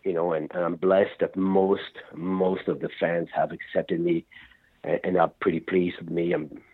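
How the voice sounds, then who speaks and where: A man, a rock singer, telling stories in a rambling, animated way during an interview. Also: sits low, normal speed, slightly rough. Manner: rambling, animated storytelling with restarts. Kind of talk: phone interview. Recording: tinny phone line.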